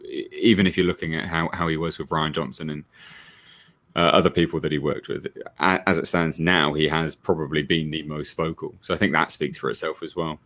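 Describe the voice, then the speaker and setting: Very deep-voiced man, hesitant guest. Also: little pitch movement, a little fast, a bit bright. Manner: hesitant, repeating words as he gathers thoughts. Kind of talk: live-stream panel discussion.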